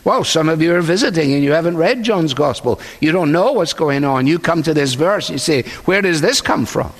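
A man's voice: a little high, animated. Preaching man in a reverberant hall. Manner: earnest, measured preaching with quoted speech. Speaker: pastor. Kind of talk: sermon.

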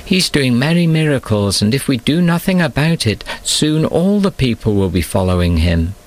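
A man's voice: medium pitch, big pitch swings, normal speed, voice pushed up, close to an everyday voice. A man voicing a group of jealous, scheming priests in an agitated, raised tone, in a storybook reading.

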